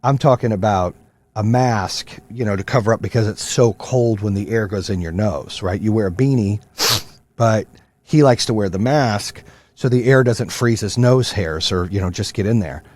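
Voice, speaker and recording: A man's voice: fairly low pitch, moderate pace, darkish tone. A middle-aged man hosting his own podcast, ranting with heavy swearing in a fired-up motivational style. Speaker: podcast host. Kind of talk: profane motivational rant.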